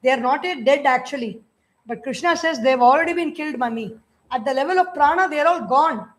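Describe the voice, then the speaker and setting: A woman with an Indian English accent giving a scripture discourse, chanting verses slowly in a sung tone and then explaining them in a conversational way. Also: sits high.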